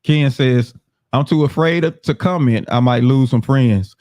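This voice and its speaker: A man's voice: medium pitch, a little slow, a little mellow, dry recording, studio quality. A man hosting a casual political talk show, reading viewer comments aloud and laughing often. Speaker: podcast host.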